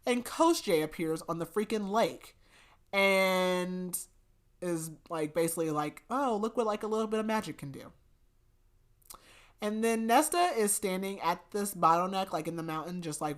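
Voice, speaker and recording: A woman's voice: lowish voice, moderate pace. A woman co-hosting a podcast, chatty, retelling a story with lots of filler words. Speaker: podcast co-host. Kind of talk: casual book recap chat.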